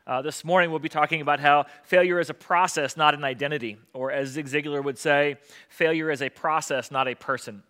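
Bright-voiced male pastor preaching. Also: a little high, steady tone, a little fast. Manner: conversational preaching with many fillers. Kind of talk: sermon.

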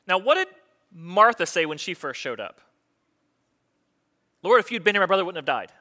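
A man preaching a sermon in a conversational way, asking his listeners questions and making quick asides. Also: sits high, animated, sharp tone. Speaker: pastor.

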